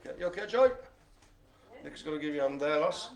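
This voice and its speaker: A man's voice: fairly high pitch, expressive, fast talker. Jokey man calling bingo. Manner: jokey, playful, showman-like. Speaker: bingo caller and host. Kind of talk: live-streamed bingo hosting.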